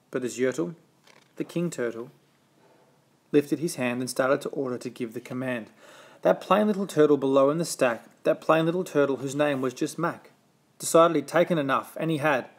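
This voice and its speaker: A man's voice: medium pitch, normal speed. A man reading a rhyming children's storybook aloud with a rhythmic, sing-song delivery.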